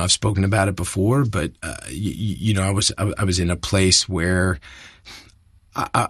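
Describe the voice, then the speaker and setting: A man with a fairly low voice speaks in a candid interview, earnest and searching, stumbling over repeated words before he lands his thought. The sound is close and dry, with no room around it. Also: no room sound. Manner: earnest, halting, many restarts and repeated words. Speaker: actor, guest.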